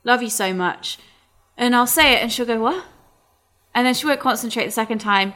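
Bright-voiced woman swearing. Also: on the high side, fairly quick. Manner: swears freely, mocking mimicry. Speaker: podcast co-host. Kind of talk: casual chat.

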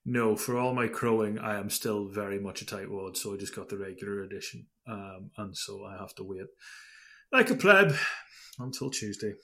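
A man co-hosting a casual podcast, self-mocking and trailing off into quiet asides. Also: on the low side, steady tone, brisk, few pauses. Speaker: podcast co-host. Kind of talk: casual chat.

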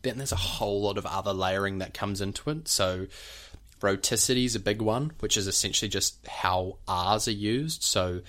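A man's voice: lowish voice, normal speed, a bit bright. A man with a New Zealand accent casually explaining things like a teacher on a podcast. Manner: explanatory, teacherly, demonstrates speech sounds.

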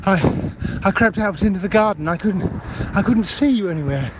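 Casting: high-voiced man, nervous rambling voicemail, loud street noise behind. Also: animated, normal speed, dull audio. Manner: hesitant, stammering, full of ums. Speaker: caller leaving voicemails. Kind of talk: improvised comedy voicemail.

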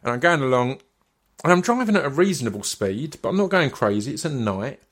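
A man's voice: medium pitch, fairly quick. Sweary man telling a story. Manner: sweary, animated storytelling with stammered restarts. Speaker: podcast host. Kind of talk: casual chat, storytelling.

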